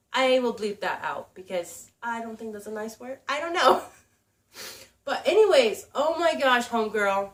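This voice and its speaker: Someone films a young woman at home on a camera mic as she unboxes a gift for her channel, gushing and giggling in casual, emotional chatter. Her fairly high, animated voice moves slowly with long pauses, and there's slight noise in the background.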